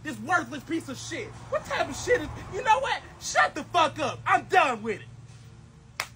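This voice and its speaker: A man's voice: extremely high pitch, huge pitch swings, a little slow, bright, forceful tone, a little hiss or hum, exaggerated voice. A man doing a fed-up guy cursing his tools. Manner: grumbling, profane. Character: fed-up man cursing a broken weed eater.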